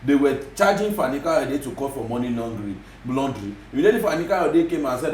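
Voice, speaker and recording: Nigerian man, rapid emphatic delivery, echoey studio, faint noise. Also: medium pitch, animated, a little mellow. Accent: Nigerian (Yoruba). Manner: emphatic, repetitive, mixes in Yoruba phrases. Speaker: guest commentator. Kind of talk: TV studio interview.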